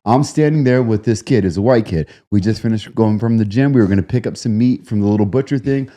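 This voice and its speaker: A middle-aged man co-hosting a podcast, telling stories in a lively, repetitive way. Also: fairly low pitch, fast. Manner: animated storyteller, repeats words when excited. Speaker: podcast co-host. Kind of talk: casual podcast chat, storytelling.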